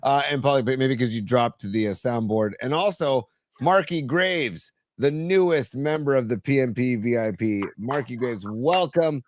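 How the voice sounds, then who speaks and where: A man co-hosting a live-streamed podcast, chatting casually and warmly thanking viewers by name. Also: mid-range voice, normal speed, no room sound, clean studio sound. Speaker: podcast co-host.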